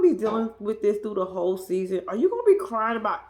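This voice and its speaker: Woman, young, sassy recap vlogger, lively swooping pitch, slangy, animated. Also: fast talker. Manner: sassy, animated, slangy, mimics people in high squeals. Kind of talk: casual recap commentary.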